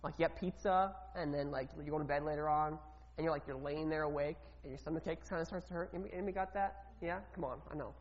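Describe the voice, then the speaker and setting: A woman delivers a sermon in a relaxed, conversational manner. She poses questions to the congregation and often doubles back on her words. The recording is lo-fi and muffled, with a long reverb trailing off in a large hall. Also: sits low, fast talker. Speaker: preacher. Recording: reverberant hall, dull lo-fi sound.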